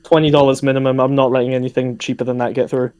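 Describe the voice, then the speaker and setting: A man's voice: medium pitch, flat delivery, very fast, a little mellow, smooth. A man co-hosting a livestream podcast, teasing and mock-scolding his co-host in casual banter.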